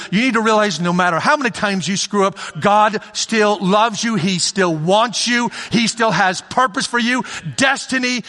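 Preacher, male, high bright voice, animated delivery, big reverberant hall. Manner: animated, acts out God's voice, swings from shouting to hushed. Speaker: pastor. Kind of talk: sermon.

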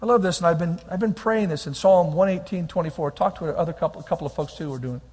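A man preaching a lively sermon as pastor, swinging between quiet reflection and loud exhortation. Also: on the high side, rapid-fire, husky. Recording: long hall reverb.

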